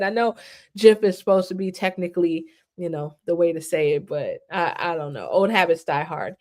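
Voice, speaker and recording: A woman's voice: on the low side, moderate pace, darkish tone. A woman hosting a live stream, walking viewers through a new online platform in a casual, upbeat, slangy way. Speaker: host.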